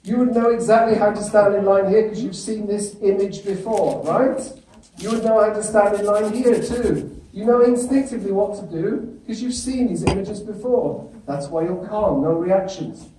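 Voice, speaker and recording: A British man with a fairly high voice gives a lively, humorous keynote and keeps asking the audience questions. He is heard from a distance through a very echoey hall. Faint noise sits behind him. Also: normal speed. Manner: engaging, asks the audience questions. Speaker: conference speaker. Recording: echoey hall, mic far off.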